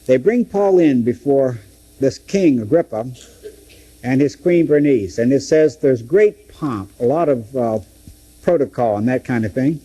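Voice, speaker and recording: A man's voice: medium pitch, lively intonation, a little slow, mellow, breathy edge, low-quality recording. A man teaching through a Bible book, dramatically acting out the quoted speeches. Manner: dramatic, acts out scripture quotes.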